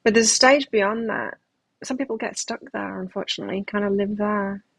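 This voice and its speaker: A woman's voice: mid-range voice, fairly quick, vocal fry, breathy edge, no echo, rough recording. A middle-aged woman giving a live tarot reading, talking in a reflective, self-help manner with frequent restarts. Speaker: tarot reader.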